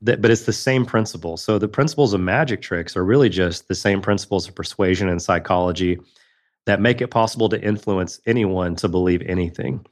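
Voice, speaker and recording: A man's voice: low voice, a little fast. A man guest on a podcast interview, telling a personal story in an earnest, reflective way. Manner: earnest, reflective, with frequent restarts. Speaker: guest, magician and speaker.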